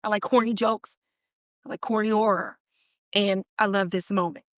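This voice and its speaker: Animated woman recapping a TV episode. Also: medium pitch, normal speed, dry recording, studio quality. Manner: animated, slangy storytelling with laughs. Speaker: podcast host. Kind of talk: casual TV recap chat.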